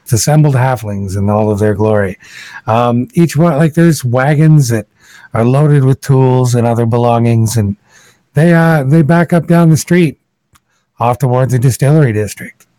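A man's voice: mid-range voice, normal speed, dark tone, no room sound. A man serving as game master, casually narrating scenes in a tabletop game. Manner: casual, descriptive.

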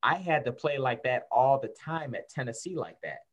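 A middle-aged man from Syracuse, New York, tells a long story in a casual interview. He rambles and restarts his sentences, filling gaps with "you know" and "like." His delivery is animated and conversational. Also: medium pitch, moderate pace, lo-fi sound. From Syracuse, New York, USA. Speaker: guest, former college football player.

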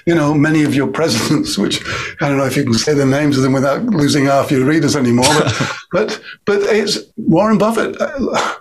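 A man from England, with an English accent and a fairly high, slightly fast voice, talks energetically as a guest in an interview. He is emphatic and animated, acting out the voices of people he quotes.

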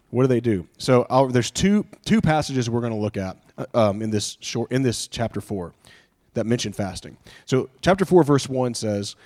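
A man delivers a sermon in an earnest, conversational way. He restarts his phrases and asks his listeners rhetorical questions. His voice sits at a medium pitch. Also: expressive, normal speed, a little mellow. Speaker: pastor.

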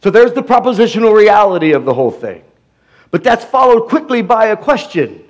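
A man's voice: high-pitched, big pitch swings, fairly quick. A male pastor, preaching a sermon with repeated rhetorical questions. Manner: preaching with rising intensity, repetitive rhetorical questions.

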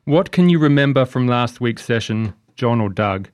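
An Australian man hosts a casual comedy podcast and keeps the talk on track between jokes. His voice sits at a middle pitch and is recorded dry and close, with no room sound. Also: animated, normal speed, darkish tone, no room sound. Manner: joking, steering the conversation. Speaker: podcast host.

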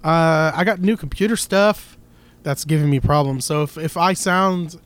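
A chatty man co-hosting a gear podcast, speaking a little higher than most men. He rambles through his stories and slips into quoted voices along the way. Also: normal speed, clean tone. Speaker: podcast co-host. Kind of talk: casual chat. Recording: with a faint crackle from his new computer setup.

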